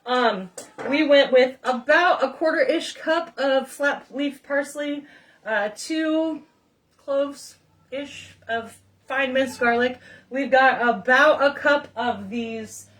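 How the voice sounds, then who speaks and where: A woman's voice: high-pitched, takes it slowly, a bit bright, far from the mic. A middle-aged woman chatting and rambling through stories while cooking in her home kitchen, talking straight to her viewers. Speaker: home cook vlogger. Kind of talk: chatty cooking vlog storytelling.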